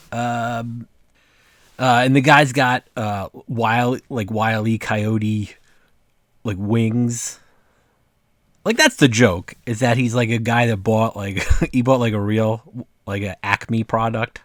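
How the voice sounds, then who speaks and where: Man, casual vlog commentary, rambling, lots of fillers, mid-pitched, dry close sound. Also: steady tone, slow, a bit bright, no echo. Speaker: cartoonist presenting his own work.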